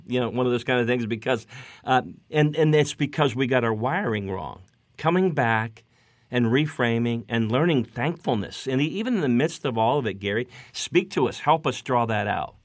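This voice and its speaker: A man hosting a faith-based radio interview who eagerly and quickly prompts his guest. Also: medium pitch, no echo, clean studio sound. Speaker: radio host.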